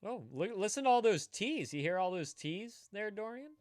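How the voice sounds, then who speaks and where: A man's voice: sits high, sing-song, normal speed, no room sound, studio quality. A man co-hosting a live stream, joking around, laughing often and swearing casually. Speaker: co-host.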